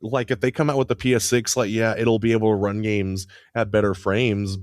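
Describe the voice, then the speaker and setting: Male co-host, low and dry, excitable casual storyteller. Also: a little fast, no echo. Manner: excitable storyteller, lots of fillers. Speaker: podcast co-host. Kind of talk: casual chat.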